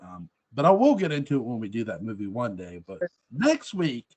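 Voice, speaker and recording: A male podcast host in casual movie review chat, rambling and loose with his thoughts. His voice sits at an ordinary middle pitch. He laughs easily as he talks. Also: sing-song, normal speed, darkish tone, husky.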